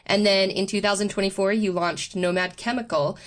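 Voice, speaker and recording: A woman co-hosting a podcast, asking measured interview questions. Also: mid-range voice, steady tone. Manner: measured, laughs along. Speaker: podcast co-host.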